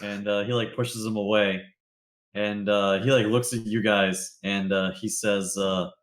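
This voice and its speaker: A young man narrating a tabletop game as game master, loosely, with lots of fillers and quick character voices. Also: on the low side, fairly even intonation, reverberant.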